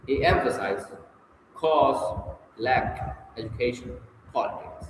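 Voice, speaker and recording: A man reading a book on public speaking aloud, measured and stressing key words with sharp jumps in pitch. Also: expressive. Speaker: audiobook reader. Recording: very echoey room, long reverb, faint hiss.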